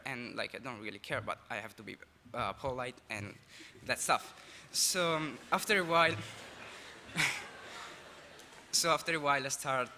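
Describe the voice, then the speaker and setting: A teenage exchange student from Italy with an Italian accent, giving a halting, apologetic speech at a school assembly. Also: male voice, medium pitch, bright, forceful tone, a little hiss or hum. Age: teens. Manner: nervous, halting, apologetic with laughs. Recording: reverberant hall, faint ambience.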